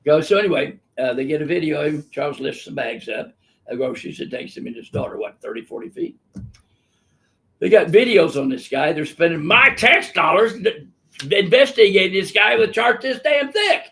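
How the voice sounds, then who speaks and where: Older male doctor hosting a webinar, gravelly, slightly high voice, blunt and emphatic. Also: animated, fairly quick, bright, forceful tone. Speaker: physician host answering viewer questions. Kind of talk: live webinar storytelling. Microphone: live webinar microphone.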